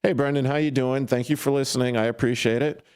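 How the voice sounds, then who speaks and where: A man's voice: medium pitch, steady tone, fast, a little mellow, smooth, dry recording. A man hosting a casual sports talk radio show from a studio, talking in a loose, rambling way with plenty of fillers and restarts. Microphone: studio microphone.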